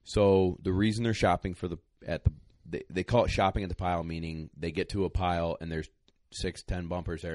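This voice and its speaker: A man's voice: deep voice, steady tone, a little fast, few pauses, darkish tone, no room sound, clean studio sound. A man answering questions on a podcast as a dog trainer, blunt and plain-spoken, a little out of breath. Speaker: retriever trainer, guest. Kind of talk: casual podcast advice.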